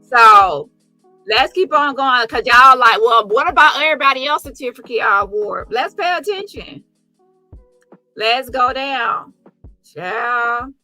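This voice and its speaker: High bright sassy woman commentator. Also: expressive, unhurried, faint music behind, rough recording. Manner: sassy, profane, mocking impressions. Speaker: commentary vlogger. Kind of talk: casual commentary on photos.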